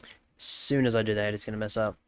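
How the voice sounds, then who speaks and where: A man's voice: on the low side, level tone, brisk, clear, resonant tone, no room sound, clean studio sound. A young Australian man chatting casually on a live stream, musing aloud, repeating phrases and greeting viewers by name.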